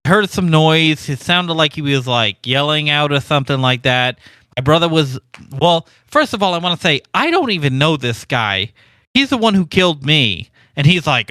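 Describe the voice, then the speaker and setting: Brief: man, higher-pitched, bright and tense, earnest rambling tabletop player, dry mic. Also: no echo. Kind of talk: in-character tabletop role-play.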